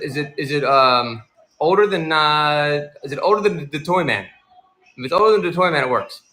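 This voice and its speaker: A man hosting a casual live stream as a seller, talking in a rambling, animated way and acting out the people in his stories. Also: on the high side, roomy sound. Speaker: livestream seller and host.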